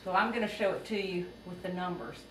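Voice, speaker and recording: A woman's voice: lowish voice, fast. A woman teaching a music lesson, explaining rhythm and beat patiently step by step. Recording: roomy, distant, noisy home recording.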